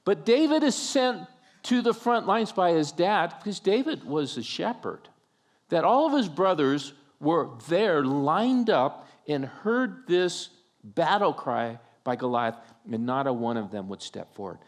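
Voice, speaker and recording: A man's voice: on the high side, animated, measured pace. A male pastor preaching a sermon, telling a story with humorous asides and acting out the scenes.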